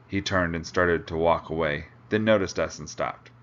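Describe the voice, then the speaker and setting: A man reading a novel chapter aloud with a steady, plain delivery. The recording sounds dull and lo-fi. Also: low-pitched, moderate pace. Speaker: reader.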